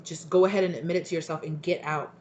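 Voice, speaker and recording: A woman's voice: sits low, fairly even intonation, fast talker, a little mellow, highs cut off. A woman giving a casual tarot reading, talking bluntly with lots of fillers, swearing freely and acting out people's reactions in quoted voices. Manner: rambling with many fillers. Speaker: tarot reader.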